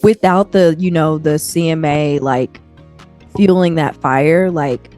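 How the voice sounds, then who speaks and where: A woman from Kentucky co-hosting a podcast, telling stories in an animated, chatty way. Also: deep voice, takes it slowly, faint music behind. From Kentucky, USA. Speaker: podcast co-host. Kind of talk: casual chat.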